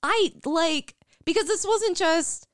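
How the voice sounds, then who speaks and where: A young adult woman hosts a podcast and tells a story in casual chat, animated, swearing freely and often dissolving into laughter. Her voice is very high-pitched and slow, with no echo.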